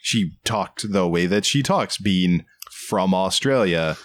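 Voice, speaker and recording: Man, low lively voice, podcast chat, rambling, dry close sound. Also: slow pace, no echo. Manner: chatty, rambling, many fillers. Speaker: podcast co-host who interviews actors. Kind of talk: casual chat.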